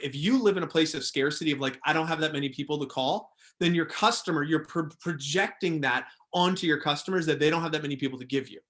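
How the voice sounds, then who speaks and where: A man's voice: a little high, fairly bright tone. A young man leading a sales training workshop, speaking emphatically and repeating his key phrases.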